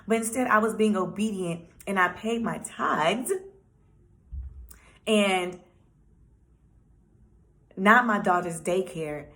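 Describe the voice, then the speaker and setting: A young woman talks straight to her viewers in a loose, chatty way, full of "like" and "you know." Her voice sits at a middle pitch, and her storytelling is animated and personal. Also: takes it slowly, pauses often. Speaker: vlogger. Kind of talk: casual personal testimony.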